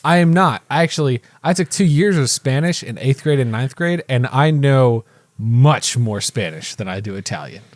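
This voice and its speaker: A man co-hosting a movie podcast in casual chat, chatty and quick to laugh. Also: mid-range voice, lively intonation, dry recording. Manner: chatty, reads reviews aloud, laughs easily. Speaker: podcast co-host.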